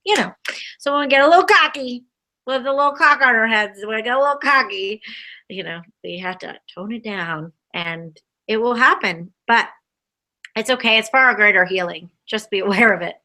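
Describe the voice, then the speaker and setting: A woman co-hosting a casual spiritual chat, reading oracle cards and acting out lively quotes with frequent laughs. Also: fairly high pitch, moderate pace. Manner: animated, laughs often, acts out quotes. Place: Boulder area.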